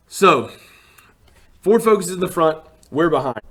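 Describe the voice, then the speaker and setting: A man from Alabama, telling a personal travel story in a casual, animated way and acting out what people said. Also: mid-range voice, a little fast. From Alabama, USA. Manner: animated, acts out quotes with rising emphasis.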